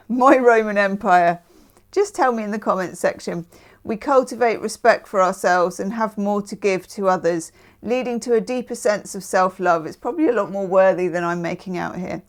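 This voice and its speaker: A woman's voice: mid-range voice, brisk. Woman from the UK, tarot reader, chatty, self-mocking asides, casual tone. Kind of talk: casual tarot reading chat.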